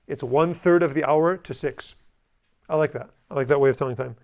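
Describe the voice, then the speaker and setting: Male teacher, slightly higher pitch, blunt and joking, running a class and drilling repetition. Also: fairly quick, a little mellow, dull audio. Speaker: language teacher. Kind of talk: classroom lesson.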